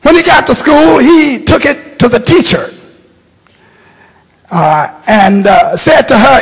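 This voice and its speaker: An older man preaching a sermon, high-pitched and husky, taking his time and repeating phrases for emphasis. He tells his stories slowly. His voice rings through a long, echoing church hall. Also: animated, a bit bright. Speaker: bishop preaching.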